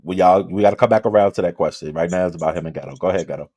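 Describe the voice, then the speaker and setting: Brisk, low-voiced man moderating. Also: dark tone. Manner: brisk, steers the talk, asks pointed questions. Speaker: stream moderator. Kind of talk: online call-in talk.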